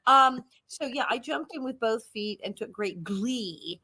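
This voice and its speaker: Bright-voiced woman in her sixties telling stories. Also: fairly high pitch, measured pace, slightly rough. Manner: lively anecdotal storyteller, laughs often. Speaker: guest actress. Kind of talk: casual interview storytelling.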